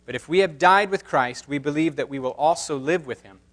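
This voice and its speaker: A man's voice: fairly high pitch, a little fast, a bit bright. A man pastor reading scripture and preaching a sermon with emphatic, impassioned delivery.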